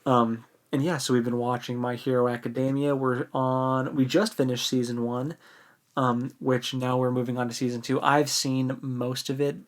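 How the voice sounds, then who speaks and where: A man's voice: mid-range voice, flat delivery, moderate pace. A man co-hosting a book podcast in casual chat, easygoing, enthusiastic and joking. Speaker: podcast co-host.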